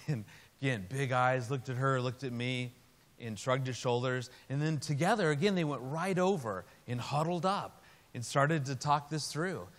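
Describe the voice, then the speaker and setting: A middle-aged man giving a sermon in a storytelling way, animated and humorous by turns, then earnest. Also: mid-range voice, normal speed. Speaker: Christian speaker. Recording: reverberant hall with faint hiss.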